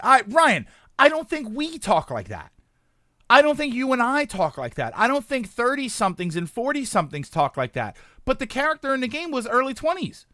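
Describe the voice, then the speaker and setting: A man in his thirties talking casually on a stream, rambling and animated, reacting to chat. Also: extremely high pitch, moderate pace, no echo, studio quality.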